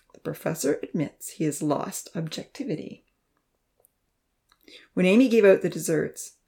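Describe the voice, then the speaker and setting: Soft-spoken woman reading a story. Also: low-pitched. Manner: soft-spoken, dropping to hushed whispers for asides. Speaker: audiobook narrator. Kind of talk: scripted narration with character dialogue.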